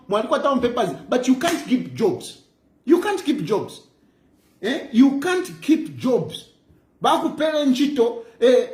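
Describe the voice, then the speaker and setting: High-voiced Zambian man lecturing. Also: echoey room. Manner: lecturing, mocking, repeats phrases for emphasis. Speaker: political commentator. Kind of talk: impassioned monologue.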